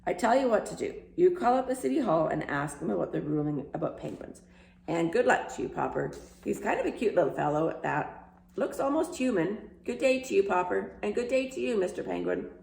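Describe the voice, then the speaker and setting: A woman voicing a puzzled, good-natured policeman in a storybook, talking in a slow, folksy way. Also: mid-range voice, expressive, gravelly, a little mellow, echoey room, slight background noise. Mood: friendly.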